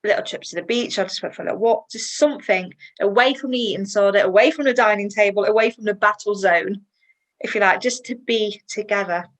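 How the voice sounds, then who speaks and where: A woman, a guest in a personal interview, chatty and emotional and quick to laugh. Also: mid-range voice, low-quality recording.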